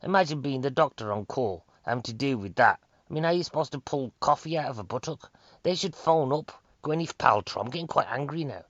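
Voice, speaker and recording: A male comedian with a Northern English accent, talking in a chatty, excitable ramble that keeps drifting to new subjects. His voice sits at an ordinary pitch. The recording is dry and a little dull. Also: brisk, no echo. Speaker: stand-up comedian. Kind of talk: rambling stand-up monologue. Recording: dry, slightly dull sound.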